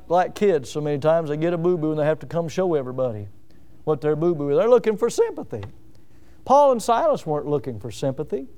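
A middle-aged man preaches with earnest conviction. His voice sits a little high for a man and stays smooth and resonant. He slows down deliberately whenever he recites the words of a hymn. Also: warm tone. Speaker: pastor. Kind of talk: evening sermon.

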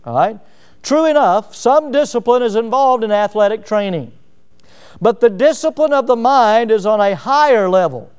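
Male preacher, high and clear-toned, reads aloud and stops to comment, stressing key words. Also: animated, normal speed, darkish tone. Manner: reads a passage then breaks off with asides and checks. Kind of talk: sermon reading and commenting on a book.

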